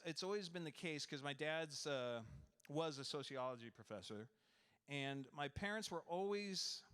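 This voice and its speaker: A man's voice: on the high side, a bit bright, smooth. A man talking at a convention panel, chatty and joking with the crowd. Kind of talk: live panel chat. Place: convention hall panel room.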